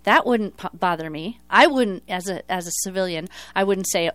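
A woman's voice: mid-range voice, normal speed, fairly bright tone, no echo. A middle-aged woman hosting a talk show, talking earnestly in a casual interview, often correcting herself mid-sentence. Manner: earnest, talkative, frequent self-corrections.

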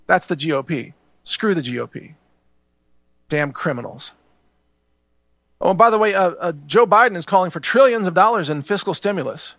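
A man's voice: high voice, lively intonation, moderate pace, pauses often, fairly bright tone, dry recording. A middle-aged man hosting a political show, speaking in a heated, ranting monologue that often repeats words. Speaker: show host.

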